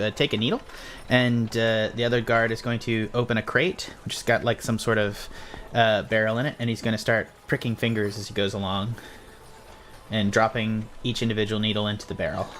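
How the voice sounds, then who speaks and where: Relaxed man running a tabletop game. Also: fairly low pitch, brisk, slight background noise. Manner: relaxed, many fillers. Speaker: game master.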